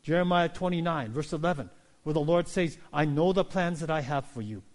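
A male pastor preaching a sermon, telling stories in an animated way and acting out characters. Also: a little high, a little fast. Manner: animated storytelling, voicing characters.

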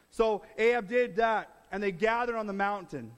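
A man delivers an animated sermon, dramatizing a scripture story. His voice sits high and swings from loud excitement to quiet, hushed lows. A long reverb trails each phrase, as in a large hall. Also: normal speed, clear, resonant tone. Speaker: preacher.

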